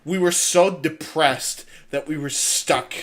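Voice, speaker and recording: A man guesting on a casual streamed chat, telling rambling, animated stories. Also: on the high side, slow pace, a crowd in the background. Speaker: podcast guest.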